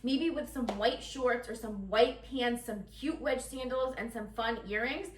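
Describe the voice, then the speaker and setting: A woman's voice: on the high side, unhurried, reverberant, far from the mic. A woman chatting casually and giggling through a try-on haul, talking straight to her viewers. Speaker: fashion vlogger.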